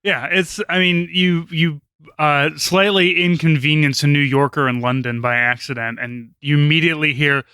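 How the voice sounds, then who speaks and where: A man co-hosts a podcast in casual chat and cuts in with wry, joking asides. His voice is bright and smooth, a little higher than average. It is recorded dry. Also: fairly even intonation, moderate pace, no room sound. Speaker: podcast co-host.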